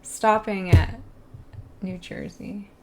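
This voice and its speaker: A gravelly-voiced woman chatting on stream. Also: mid-range voice, steady tone, slow pace, slight background noise. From US East Coast. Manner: chatty, rambling, answers chat questions aloud. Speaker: live streamer. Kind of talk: casual chat with viewers.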